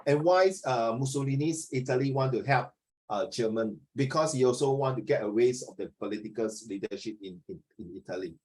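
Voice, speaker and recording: A man's voice: mid-range voice, brisk, darkish tone, low-quality recording. A middle-aged man with a Singaporean accent, teaching an online class in a rambling, chatty way, dropping "ah" and "lah" and switching into Mandarin. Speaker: social studies tutor.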